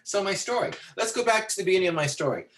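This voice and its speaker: A man teaching storytelling to visual artists, animated and rambling with many fillers and restarts, talking into a computer on a video call. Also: sits high, very fast, low-quality recording. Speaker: storytelling instructor. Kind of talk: lecture with acted-out anecdote.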